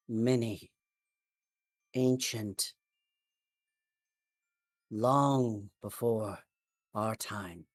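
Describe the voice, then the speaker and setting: A stern, time-worn wizard recalls old deeds in a slow, low voice with long pauses, as a game master puts him on. The sound is dry and close, with no room in it. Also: male voice, a little mellow, no room sound. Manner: slow, measured storytelling with pauses. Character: stern time-worn male wizard telling his past.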